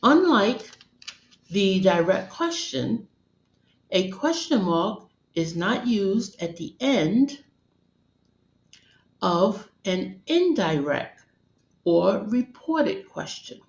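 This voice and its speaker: A woman narrating a scripted grammar lesson as a teacher, in a measured, deliberate, instructional way. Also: mid-range voice, very animated, darkish tone. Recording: roomy echo.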